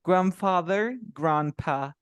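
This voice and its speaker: A man's voice: high-pitched, slow, clean tone, no echo. A man whose first language is Spanish, teaching an English lesson in a casual style and explaining with many examples and repetitions.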